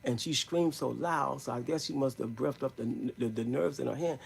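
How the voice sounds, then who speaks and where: A man telling a rambling story in a live stream, in emphatic street slang, with a gravelly, husky voice. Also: mid-range voice, moderate pace.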